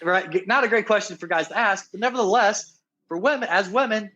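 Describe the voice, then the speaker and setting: A man's voice: sits high, brisk, bright, forceful tone, dull audio. A man, a dating coach and interview guest, talking earnestly in a casual chat, often restarting and checking in with "right?". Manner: earnest, keeps asking "right?", many restarts.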